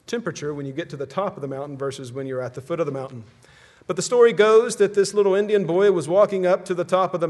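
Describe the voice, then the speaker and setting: A man from the Ozark region, a pastor preaching a sermon with measured phrases that fall to a hush at their ends. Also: on the high side. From Ozark region, USA.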